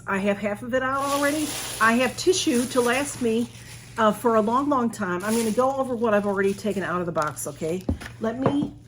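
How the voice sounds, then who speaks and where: A woman's voice: a little high, a little hiss or hum. A woman, chatting as she unboxes a gift at home, gushing and a bit flustered. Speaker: unboxing vlogger.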